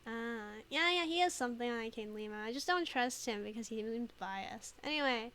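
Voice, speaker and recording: A woman's voice: a little high, animated, moderate pace, a bit bright, clear, resonant tone. A woman streamer chatting casually over a game, laughing often and thinking aloud with lots of fillers. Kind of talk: casual let's play commentary.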